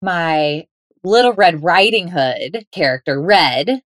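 This podcast guest's voice is fairly low, with lively intonation and a slow pace. The recording is dry and studio-clean, and she chats in an upbeat, playful interview style, frequently breaking into laughter.

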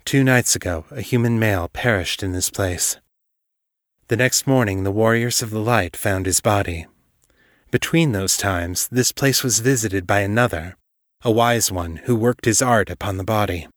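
A wise, gentle male elf speaks gently and clearly, his low voice carrying quiet power, put on by a man reading a story. The sound is dry and close. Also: normal speed, dry recording, natural voice. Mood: solemn.

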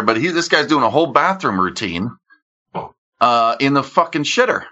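A man's voice: medium pitch, very animated, normal speed, pushed and bright, highs cut off. A man in casual chat, rambling through crude stories and swearing freely.

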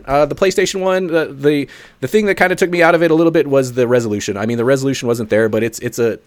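Male podcast co-host, animated casual storyteller, dry close mic. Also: fairly low pitch, dry recording. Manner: animated storyteller, swearing, many fillers.

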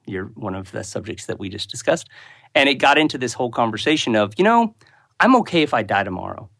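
A man's voice: mid-range voice, very animated, fast, creaky, a bit bright, no room sound. A man speaking as a podcast guest, earnest and open about what he loves to discuss. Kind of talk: conversational interview.

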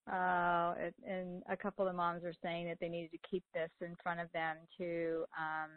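Woman host, rambling storyteller, quick to laugh, lowish pitch, dry phone-quality sound. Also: no echo. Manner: chatty storyteller, laughs often. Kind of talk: casual chat. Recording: tinny phone-like call audio, dry.

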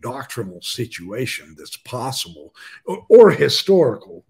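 A man's voice: medium pitch, very animated, unhurried, gravelly, darkish tone, slightly rough. A man hosting a live-streamed podcast, chatting casually and joking with his guest. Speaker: podcast host.

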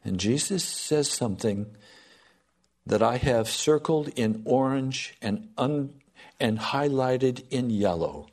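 A man preaching a sermon to a congregation, swinging from loud pleading to soft, hushed lines. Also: mid-range voice, expressive, slow.

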